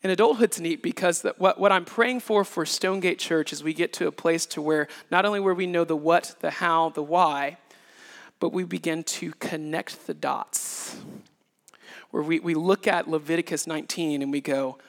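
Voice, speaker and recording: A man in his thirties preaching a sermon in an animated way, acting out little scenes with sound effects. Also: a little high, normal speed. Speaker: pastor. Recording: reverberant hall.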